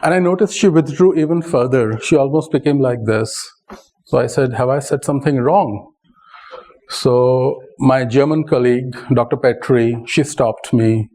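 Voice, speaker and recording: A man with an Indian English accent, speaking in a mellow, warm tone at a middle pitch. He lectures as a psychologist, weaving a personal story into the talk. He checks in with his listeners in a relaxed, conversational way. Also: normal speed. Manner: conversational, seeks assent with "right?".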